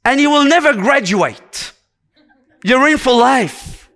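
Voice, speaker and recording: Delivering a sermon in a high, fairly bright voice, a man speaks with animation yet keeps an unhurried, deliberate pace. He preaches earnestly, stacking brief repeated commands to press every point.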